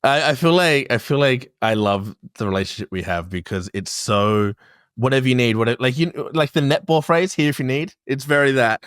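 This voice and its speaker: A man co-hosting a podcast in casual chat, often giggling, warm and supportive in tone. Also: medium pitch, lively intonation, fairly quick, no echo, clean studio sound. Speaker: podcast co-host.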